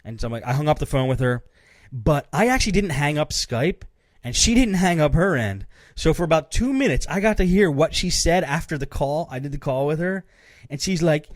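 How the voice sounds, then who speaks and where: Man, podcast host, casual rant, slightly high voice, dry close sound. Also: brisk, no echo. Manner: animated, acts out both sides of phone calls.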